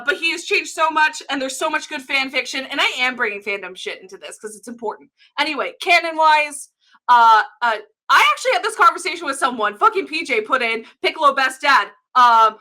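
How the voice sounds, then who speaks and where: A woman giving a profane, excitable comedic rant as a guest on an improv show. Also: sits high. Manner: profane, excitable, fast-swinging delivery.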